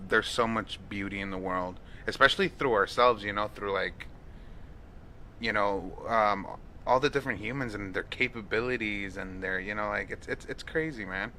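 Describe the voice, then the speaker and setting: A man co-hosts a casual podcast with a bright, forward voice set a bit low. He rambles, leaning on fillers and restarting his thoughts. Faint noise sits in the background. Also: normal speed. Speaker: podcast co-host. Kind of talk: casual chat.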